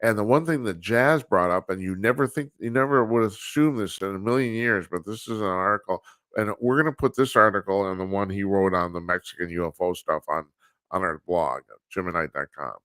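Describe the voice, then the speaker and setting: A man's voice: sits low, fairly quick, fairly bright tone, no room sound, clean studio sound. A man hosting a live talk show, giving casual political commentary in a blunt, rambling, profane way with frequent restarts. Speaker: radio talk show host. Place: studio, live broadcast with video calls.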